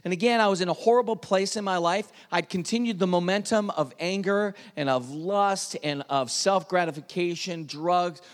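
Earnest male testimony speaker, slightly high voice, lingering hall reverb. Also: normal speed, few pauses. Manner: earnest storytelling, drops to hushed tones at tense moments. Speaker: speaker telling his testimony. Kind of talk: personal testimony talk.

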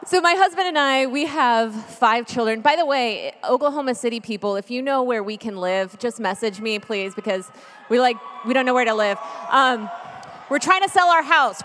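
A woman's voice: fairly high pitch, slight background noise. Chatty woman storytelling in a big hall. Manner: lively, chatty, jokey, then earnest and hushed. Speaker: speaker at a church gathering. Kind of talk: storytelling sermon. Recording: long reverb of a large hall.

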